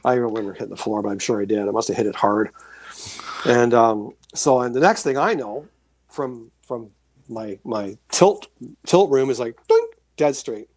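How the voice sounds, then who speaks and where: A man telling his own experiences as a guest in a casual interview, animated and acting out voices and sounds. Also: mid-range voice, normal speed, no echo. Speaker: guest, author and paranormal experiencer.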